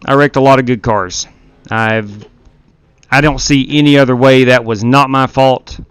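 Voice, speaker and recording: A man's voice: mid-range voice, steady tone, unhurried, clean tone, no room sound. Candid male sim-racing stream host. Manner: candid, self-blaming, talks as he rewinds replays. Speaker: stream host and league race director. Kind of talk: casual live race commentary.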